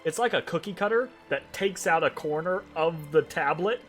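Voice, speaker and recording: A man's voice: a little high, normal speed, a bit bright, faint music behind. A man narrating a tabletop game as game master, hesitant and full of ums and restarts.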